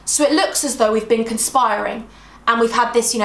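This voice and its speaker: A woman's voice: fairly high pitch, brisk, roomy sound. A young woman telling a dramatic storytime vlog, chatty and full of asides to her viewers. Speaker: beauty vlogger.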